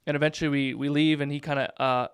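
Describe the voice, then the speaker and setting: A man in his thirties, a pastor, telling a story in a relaxed chat with plenty of fillers. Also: a little high, fast, clean tone, no room sound, clean studio sound. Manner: animated storyteller, many fillers. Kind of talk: casual podcast storytelling.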